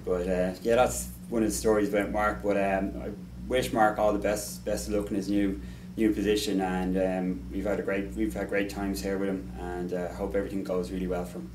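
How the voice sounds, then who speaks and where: Man, lowish voice, casual story, echoey room, distant mic. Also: flat delivery, brisk, noisy background. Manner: rambling, with many restarts and fillers. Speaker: colleague telling a farewell story. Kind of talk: casual anecdote.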